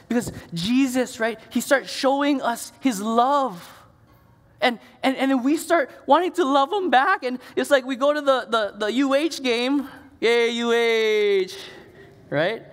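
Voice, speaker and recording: A man's voice: high-pitched, fairly bright tone. A male pastor preaching a conversational sermon, often repeating words as he builds up. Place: church sanctuary. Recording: long church reverb.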